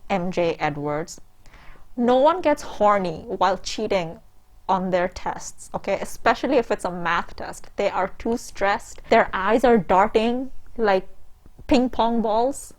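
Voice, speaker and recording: A woman reads from a bad book and breaks off to mock it, sarcastic and exasperated. Her voice sits at a middling pitch, and her asides are loose and packed with fillers. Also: takes it slowly. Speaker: comedic book reviewer. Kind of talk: mocking reading and commentary.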